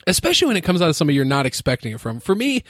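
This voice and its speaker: American man in his thirties, casual storyteller, fairly high voice. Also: wildly swooping pitch, racing, a bit bright, no room sound, clean studio sound. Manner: laid-back storytelling, says like often, laughs easily. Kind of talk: casual chat.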